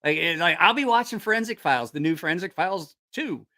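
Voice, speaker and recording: A man's voice: sits high, fast talker. Profane, rambling male storyteller. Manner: rambling, profane, animated, with frequent restarts. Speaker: host of a knife-sales channel. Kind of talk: casual storytelling.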